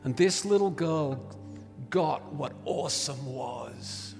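Male preacher, measured delivery, faint music under a reverberant hall sound. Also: a little high, lively intonation, darkish tone. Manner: storytelling, building to emphatic declarations. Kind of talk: sermon.

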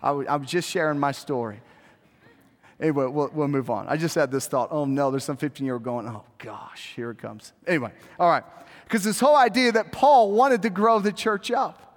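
A man's voice: on the high side, brisk. A man in his thirties, a pastor, preaching a sermon in a church, chatty and self-deprecating with story asides, rising to fervent appeals. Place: church sanctuary. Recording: long reverb of a large hall.

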